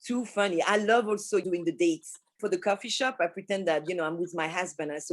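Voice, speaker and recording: A woman from France with a French accent, telling personal work stories in a casual, animated way, laughing often and swearing freely. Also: lowish voice, moderate pace. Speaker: pastry shop manager and teacher.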